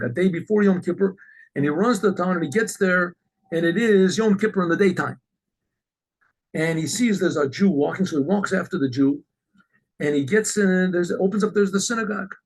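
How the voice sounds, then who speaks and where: A man, a rabbi, telling a religious story in an animated way, often clearing his throat. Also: fairly high pitch, low-quality recording.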